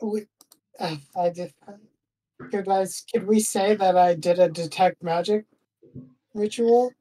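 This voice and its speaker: A woman's voice: medium pitch, steady tone, unhurried, mellow. A woman playing in a tabletop game, talking hesitantly with restarts and nervous laughs. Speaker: player. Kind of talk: casual tabletop banter.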